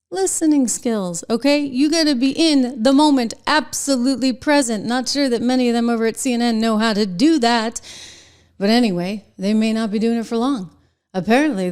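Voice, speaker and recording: Woman host, middle-aged, casual commentary to camera, sarcastic, animated, laughs often, close mic. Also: medium pitch. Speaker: host of an online news commentary show. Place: home studio. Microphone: close mic facing a camera.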